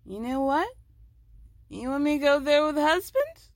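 A woman imitating a haughty woman, speaking slowly and menacingly with a shifting put-on foreign accent. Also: high voice, expressive, dry recording, voice pushed up.

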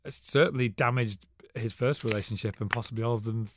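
A man, co-hosting a casual radio podcast with quick, jokey banter and frequent laughs. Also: medium pitch, noisy background. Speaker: co-host, journalist. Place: radio studio. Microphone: studio mic.

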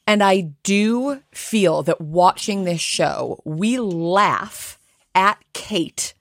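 An American woman co-hosting a podcast in casual chat, animated and chatty, reading listener messages aloud. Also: mid-range voice, extremely slow. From United States. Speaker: podcast co-host.

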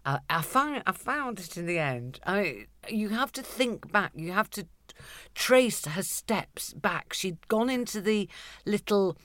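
Animated woman telling stories. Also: mid-range voice, a little slow, no room sound. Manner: lively storyteller, swears freely, laughs often. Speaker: podcast co-host. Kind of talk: casual chat, anecdote telling.

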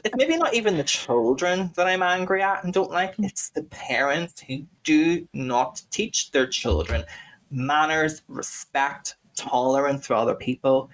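A man's voice: on the high side, a bit bright. Ranting sweary Scouse man. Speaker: podcast co-host. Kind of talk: casual podcast chat.

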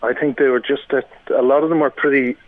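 An Irish comedian telling rambling, self-deprecating gig stories in casual chat. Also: male voice, medium pitch, fairly even intonation, quick pace. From Ireland. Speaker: stand-up comedian guest. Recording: tinny phone-like line.

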